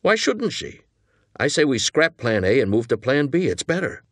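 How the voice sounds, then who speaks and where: A man's voice: medium pitch, sing-song, no echo, clean studio sound, voice pushed up. A man voicing a nervous young male hitman partner who talks earnestly and pleads, in an audiobook reading. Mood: nervous pleading. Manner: earnest, pleading, talking fast.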